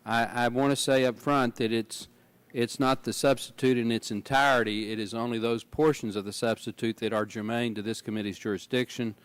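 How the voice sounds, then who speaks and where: A man's voice: medium pitch, fairly even intonation, a little fast, hardly any pauses, clear, resonant tone. A man making folksy, joking remarks in a formal committee hearing. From Texas. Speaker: committee member.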